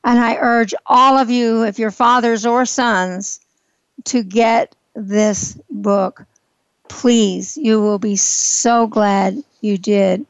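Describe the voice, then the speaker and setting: A woman hosts a radio interview in an earnest, urging way. Her voice sits fairly high and has a gravelly fry. The recording is dull and lo-fi, with no room around it. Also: fairly even intonation, takes it slowly, dry recording. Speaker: radio host. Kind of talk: interview hosting. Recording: dull, lo-fi, dry.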